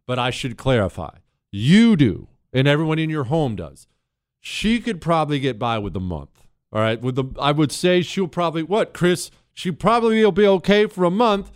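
A man hosting a talk radio show, wisecracking and taking callers with a lively, emphatic delivery. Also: normal speed, clear, resonant tone. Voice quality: animated, wisecracking, swings pitch up for emphasis.

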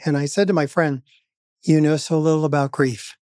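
A man's voice: fairly high pitch, fairly even intonation, moderate pace, darkish tone, dry recording, studio quality. A man speaking as a grief expert in an interview, telling stories in an earnest, emphatic way. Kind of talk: interview conversation.

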